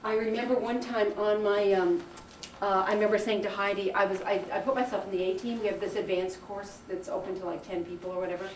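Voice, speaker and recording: A woman's voice: mid-range voice, fast talker. Woman workshop leader, chatty and anecdotal, recorded from a distance in an echoey room with faint room noise. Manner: chatty, anecdotal, animated storytelling with laughs. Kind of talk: teaching a career workshop to a group.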